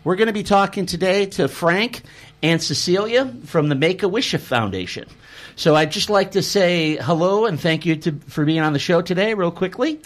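Chatty, slightly high-voiced male radio host. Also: expressive, moderate pace. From Chicago. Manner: rambling, self-correcting, chatty. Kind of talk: casual radio interview.

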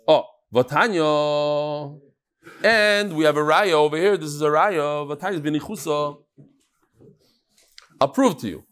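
A man teaching a live Talmud class, lively and chatty, teasing his audience. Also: fairly high pitch.

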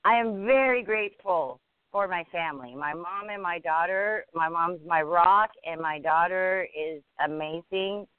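A woman podcast guest talking earnestly and upbeat about her plans, often halting and restarting. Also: lowish voice, smooth, no echo. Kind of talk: casual interview. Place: home. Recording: dry, phone-like line.

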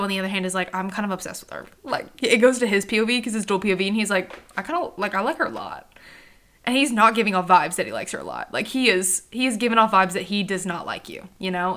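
A young woman with a bright, clear voice hosts a book podcast in a loose, chatty way. She acts out characters' lines as she talks and swears casually. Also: medium pitch. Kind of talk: casual chat.

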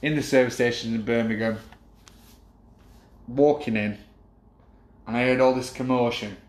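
A man who tells his football memories in a loose, meandering way, stopping and restarting as he goes. His voice sits in a middle pitch, and the recording has a roomy echo to it. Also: steady tone, normal speed, darkish tone. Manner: rambling storyteller, hesitant restarts. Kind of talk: casual chat.

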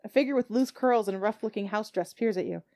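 A woman runs a tabletop game as its game master. Her voice sits at a middling pitch. She reads the scene steadily, with a few small stumbles. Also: fast, a little mellow.

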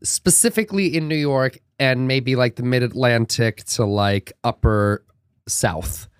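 A man co-hosting a casual podcast, telling stories in an animated, dramatic and sassy way. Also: medium pitch, a little slow, clear, resonant tone, no room sound, clean studio sound. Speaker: podcast co-host.

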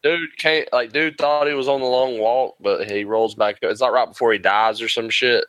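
A man's voice: medium pitch, fairly even intonation, normal speed, fairly bright tone, dry recording, poor audio. A man trading profane jokes and rambling guesses in a casual movie quiz with friends. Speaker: quiz contestant. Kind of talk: casual banter.

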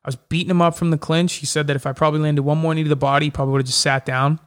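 A man with a slightly higher than usual voice talks casually in an interview. He is a fighter who tells his stories fast and loosely. He fills his sentences with casual fillers. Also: level tone. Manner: chatty, quick storytelling with many fillers. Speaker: MMA fighter.

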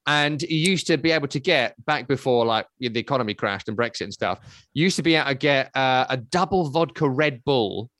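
A man's voice: medium pitch, animated, a little fast, fairly bright tone, no echo, clean studio sound. A man in his thirties co-hosting a podcast, chatting casually and telling stories with self-deprecating asides. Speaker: podcast co-host. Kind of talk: casual chat.

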